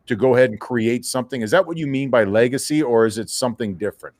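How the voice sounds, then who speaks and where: A man's voice: mid-range voice, fast talker, a little mellow, no room sound, studio quality. A man co-hosting a sports talk show, asking questions in a casual, joking way. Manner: joking, repeats phrases for laughs. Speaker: co-host. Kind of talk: casual chat.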